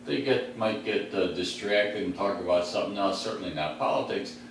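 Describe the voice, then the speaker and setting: A man's voice: low voice, brisk. A man from the west side of Chicago, hosting a comedy podcast from his recliner at home. He tells rambling street stories with many fillers and chuckles to himself. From west side of Chicago, USA. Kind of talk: rambling comic storytelling. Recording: very echoey room, mic at a distance, faint hum.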